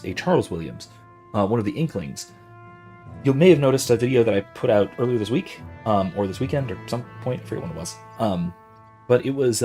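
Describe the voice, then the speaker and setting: A man's voice: on the low side, darkish tone, husky. An American man hosting a casual gaming stream, rambling and musing with plenty of restarts and fillers. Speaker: host.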